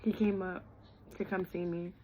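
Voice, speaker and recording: A woman's voice: lowish voice, level tone, moderate pace, darkish tone, slight background noise, rough recording. Young woman candidly recounting a story. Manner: candid, heartfelt, chatty with many "like" and "literally". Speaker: vlogger. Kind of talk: personal storytelling vlog.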